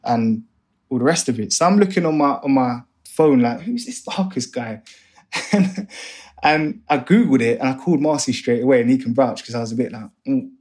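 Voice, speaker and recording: Young man, podcast guest, animated storyteller who mimics the people he quotes. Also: mid-range voice, moderate pace. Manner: animated, acts out other voices in his stories. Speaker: guest, music A&R manager. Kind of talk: casual storytelling interview.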